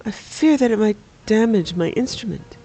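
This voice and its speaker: A game streamer reading aloud as a prim, flustered male lizard-folk bard, in a soft voice. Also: medium pitch, expressive, normal speed, pitched above the performer's own voice.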